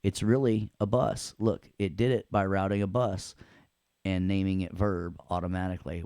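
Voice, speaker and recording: A man teaches audio production, joking as he walks students through a software demo. His voice sits low. The recording is dry and close. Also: moderate pace, dry recording. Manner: playful, joking, repeats "check it out". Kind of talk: live software demo lecture.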